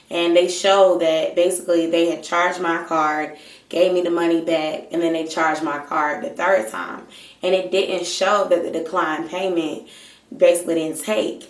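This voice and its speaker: A woman vlogger telling a story in a casual, animated and exasperated way, swearing freely. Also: on the low side. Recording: roomy, mic at a distance.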